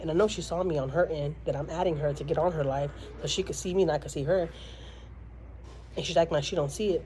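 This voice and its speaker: A woman's voice: low voice, dark tone, a little hiss or hum, low-quality recording. A woman from Houston, telling a story to her live-stream viewers in a chatty way, with lots of fillers. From Houston, Texas. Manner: chatty, many fillers, quotes others dramatically.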